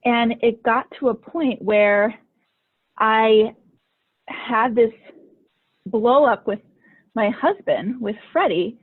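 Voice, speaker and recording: A woman's voice: fairly high pitch, takes it slowly, long pauses, slightly rough. A woman hosting a podcast and coaching, telling stories in a chatty way full of "like" fillers. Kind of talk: casual conversational storytelling. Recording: tinny phone-like line.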